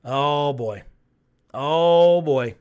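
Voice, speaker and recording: Lively man hosting a sports livestream. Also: fairly high pitch, very slow, clean tone. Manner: animated, reacts to chat, frequent fillers and repeats. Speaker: sports talk livestream host. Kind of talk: casual livestream chat, reading viewer comments.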